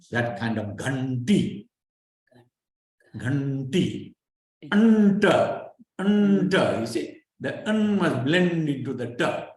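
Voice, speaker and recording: A man leads an online class, sounding each syllable out slowly and patiently. He keeps pausing to check his listeners follow. His voice rings in a very echoey room. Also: mid-range voice. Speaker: Sanskrit pronunciation teacher. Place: online class over a video call.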